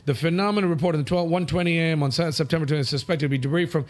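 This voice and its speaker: A man's voice: a little high, rapid-fire. Brash, blunt male talk show host. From India. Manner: blunt, brash, swears and jokes while reading comments. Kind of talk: casual live show chat. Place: studio.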